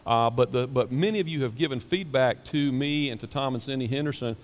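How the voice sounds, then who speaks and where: A man's voice: medium pitch, a little fast. Man, pastor, sermon, repeats words, emphatic, long church reverb. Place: church sanctuary. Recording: hall reverb.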